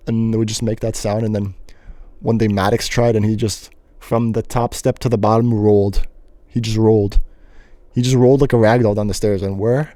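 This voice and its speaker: A young man hosting a solo podcast, telling a rambling story in an animated way with sudden loud yelps and bits of singing. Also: fairly low pitch, no echo. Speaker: host.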